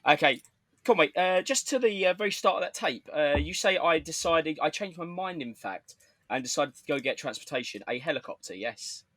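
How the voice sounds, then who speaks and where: A man's voice: a little high, animated, moderate pace, fairly bright tone, no echo. A man co-hosting a podcast, earnestly explaining his side in a mock court argument. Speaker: podcast co-host. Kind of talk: casual mock courtroom banter.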